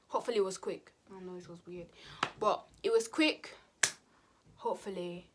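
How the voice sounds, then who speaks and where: A young woman telling a casual storytime vlog, slangy and animated. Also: mid-range voice, normal speed, noisy background. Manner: slangy and animated, acting out quotes. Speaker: vlogger.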